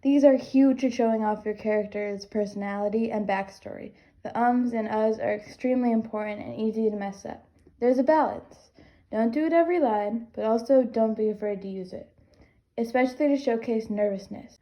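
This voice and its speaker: Woman co-host, fairly high voice, dramatic and teasing, muffled lo-fi recording. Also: moderate pace. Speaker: guest co-host. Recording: dull lo-fi mic.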